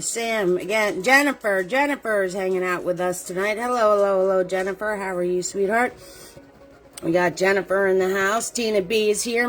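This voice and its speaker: A woman hosting a live-streamed painting lesson, upbeat and chatty, who repeats her greetings and calls viewers sweetheart. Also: medium pitch. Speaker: painting class host.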